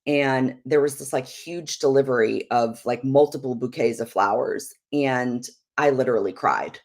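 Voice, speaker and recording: A woman's voice: rumbling low, normal speed, a little mellow. A woman speaking at a Christian ministry about marriage, telling a personal story in a chatty, candid way with lots of "like" and "you know". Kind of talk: personal storytelling on a live show.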